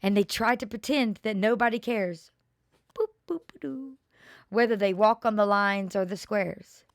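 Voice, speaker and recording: An older woman reading children's poems aloud in a slow, expressive way, with playful asides. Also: medium pitch, dry recording, studio quality.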